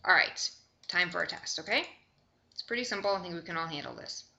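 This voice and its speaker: Bright-voiced woman teaching a lesson. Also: on the low side, expressive, a little fast, gravelly. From Chicago. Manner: conversational, often checks in with "okay?". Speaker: course instructor. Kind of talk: recorded online lecture.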